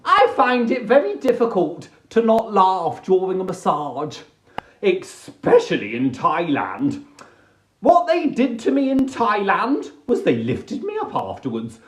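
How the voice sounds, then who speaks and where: Lively, playful man telling silly stories. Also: high voice, a little slow, slight background noise. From England. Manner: playful, acts out voices and sings snatches of songs. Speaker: livestream host. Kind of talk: casual comic storytelling on a livestream. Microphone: phone or webcam on a live stream. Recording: echoey room.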